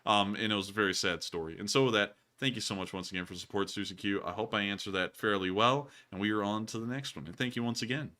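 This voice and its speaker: Talking fast with few pauses, a live stream host with a fairly low, pushed, bright voice responds to viewer messages. His casual chatter rambles, leans heavily on fillers, and keeps circling back to sign-offs.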